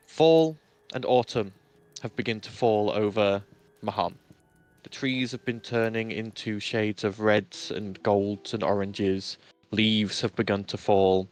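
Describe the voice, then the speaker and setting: Man narrating as game master. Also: fairly low pitch. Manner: relaxed, self-correcting narration with fillers.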